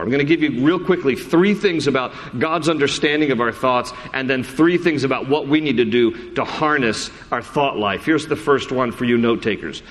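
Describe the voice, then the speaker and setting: A male pastor preaches a conversational sermon at medium pitch and normal speed, quoting scripture and frequently restarting his sentences. Long hall reverb colors the recording.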